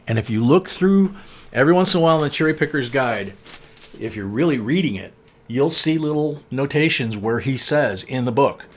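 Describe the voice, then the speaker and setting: A man in his sixties hosting a casual coin-searching livestream, rambling with lots of "um"s and soft chuckles. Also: mid-range voice, expressive, moderate pace. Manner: rambling, chuckling, many fillers. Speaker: coin channel host.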